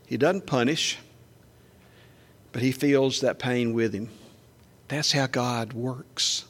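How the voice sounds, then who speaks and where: A man preaching a sermon in a conversational way, asking the congregation questions and acting out quoted lines louder and higher. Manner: acts out quoted speech with raised pitch and volume. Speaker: pastor.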